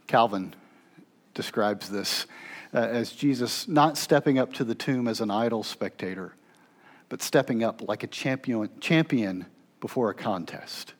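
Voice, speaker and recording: A man preaching a sermon as pastor, with dramatic swings between loud intensity and hushed near-whispers. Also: mid-range voice, measured pace.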